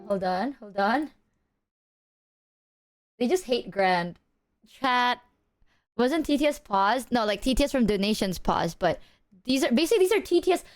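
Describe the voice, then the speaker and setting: A woman streamer chatting casually to her audience, teary and rambling, with lots of "like" and laughter. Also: a little high. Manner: emotional, laughing, rambling with filler "like". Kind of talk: casual live-stream chat.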